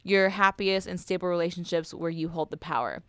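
A woman's voice: lowish voice, fairly even intonation, brisk, clean tone, dry recording, studio quality. A young woman co-hosting a casual podcast, tipsy and playful, with giggly, profane banter. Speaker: podcast co-host. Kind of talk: casual chat.

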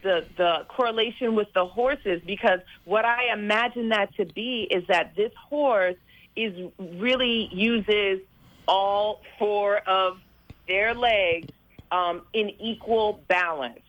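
A woman's voice: medium pitch, takes it slowly, lo-fi sound. A woman with a mid-range voice chats as a guest on a radio talk show. She is upbeat and laughs often between points. The radio sound is dry, with no room echo. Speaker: meditation retreat guest. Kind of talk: casual radio interview.

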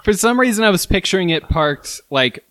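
Lively male podcast co-host. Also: sits high, moderate pace, no echo. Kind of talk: casual podcast chat.

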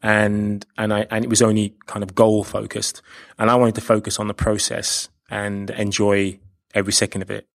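Casting: London guest, lowish male voice, measured and fluent. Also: completely flat delivery, creaky. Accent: London English. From London, England. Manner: thoughtful, fluent, with frequent "you know". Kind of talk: interview answers.

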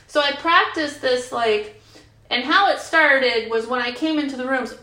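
In a retreat meeting room, a woman in her fifties talks frankly to her recovery group, her voice a little high and fairly bright. The share is casual and chatty, loaded with fillers, and the recording sounds roomy and imperfect.

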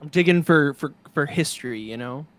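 A man with a somewhat high voice guests on a casual podcast. He keeps his remarks short, dry and teasing. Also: fairly quick, a loud crowd. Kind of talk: casual chat.

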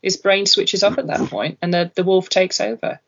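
A podcast co-host chatting casually about a film, quick to agree and to finish others' sentences. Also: medium pitch, steady tone, creaky, a bit bright, dull audio.

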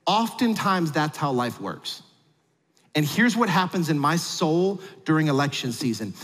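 High-voiced pastor in a reverberant hall. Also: male voice, measured pace. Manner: animated storyteller with big swings in pitch and loudness; humorous asides. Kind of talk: sermon with personal story.

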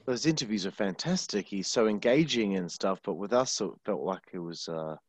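A man co-hosting a podcast, chatting in a relaxed, reflective way with frequent fillers. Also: on the low side, normal speed, no echo. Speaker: podcast co-host. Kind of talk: casual podcast chat.

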